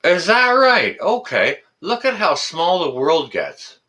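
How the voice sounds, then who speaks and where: A man's voice: on the high side, wildly swooping pitch, takes it slowly, bright, forceful tone. A man hosting a casual live stream, rambling, teasing his guest and reading out viewer comments.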